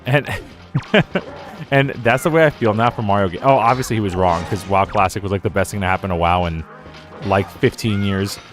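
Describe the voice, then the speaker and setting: This young gaming streamer has a lowish voice and keeps a brisk pace over soft background music. He rambles casually through his live-stream commentary, laughing often and dropping into silly quoted voices.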